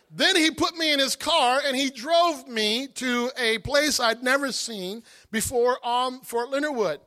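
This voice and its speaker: A man tells a personal story from a church pulpit, animated and dramatic. His voice sits very high for a man and sounds forceful and bright. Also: unhurried, hardly any pauses. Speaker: guest speaker giving testimony. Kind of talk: storytelling sermon testimony.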